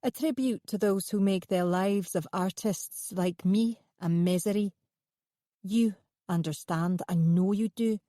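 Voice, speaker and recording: A woman's voice: mid-range voice, measured pace, warm tone, no echo, studio quality, close to an everyday voice. A woman voicing a bitter, menacing male artist in an audiobook, congenial on the surface and snarling underneath.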